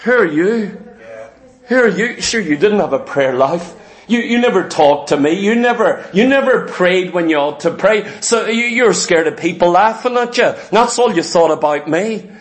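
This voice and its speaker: High-voiced, animated male preacher. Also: normal speed. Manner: animated, acts out quotes in varied voices. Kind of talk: sermon.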